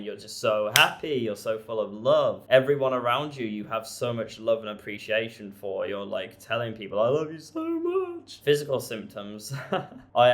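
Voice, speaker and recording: A man's voice: fairly low pitch, fairly bright tone. A young man in his twenties telling a candid personal story in casual vlog talk, swearing freely, laughing and restarting his sentences. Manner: frank and sweary, laughs often, restarts a lot. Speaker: self-improvement vlogger.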